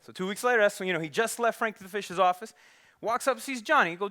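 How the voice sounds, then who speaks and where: A man's voice: high voice, fast talker. A man preaching a sermon, telling a story in a conversational way and acting out the characters. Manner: animated, conversational, acts out characters. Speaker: pastor. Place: church.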